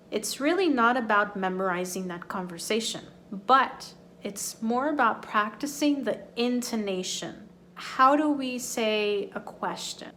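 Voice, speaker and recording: A woman teaching an English lesson online, speaking slowly and clearly in an encouraging way. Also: mid-range voice, a bit bright, slight background noise.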